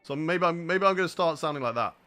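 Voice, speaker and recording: A man's voice: fairly high pitch, quick pace. A man with a southern English accent streaming a racing game, joking and chatting energetically with his viewers. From southern England. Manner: energetic, jokey, chats to viewers. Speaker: gaming streamer. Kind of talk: live gameplay commentary chatting with viewers.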